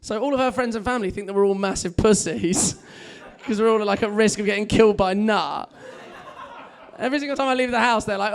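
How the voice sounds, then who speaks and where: With a high voice, some vocal fry, and a slightly fast delivery, a young English stand-up makes fun of himself in a chatty club set and laughs at his own jokes before the live crowd.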